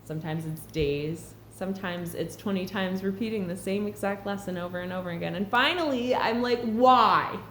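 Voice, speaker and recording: A woman's voice: medium pitch, a little fast, few pauses. Woman doing a heartfelt spiritual vlog, roomy echo and a faint hum behind. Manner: earnest, reflective, heartfelt. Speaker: spiritual vlogger. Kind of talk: casual spiritual vlog monologue. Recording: echoey room with faint background hum.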